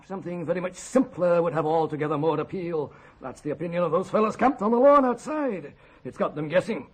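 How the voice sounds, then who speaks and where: A man playing an excitable newspaper man in a radio drama. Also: fairly high pitch, fairly quick, husky, poor audio. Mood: eager. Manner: excitable, eager.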